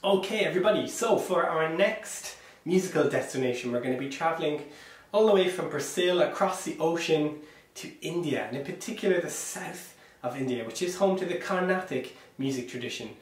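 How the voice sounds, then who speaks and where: A man's voice: a little high, brisk. A man leading an online percussion workshop. He speaks encouragingly, wears a small clip-on mic, and chants rhythm syllables aloud to demonstrate. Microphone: small clip-on microphone. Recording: very echoey room, voice sounds distant.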